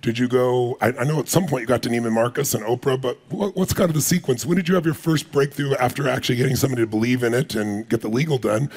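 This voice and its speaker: A man's voice: mid-range voice, fast talker, hardly any pauses, a little mellow, breathy edge. A man hosting an interview, asking questions and encouraging his guest with frequent short interjections. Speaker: host, interviewer.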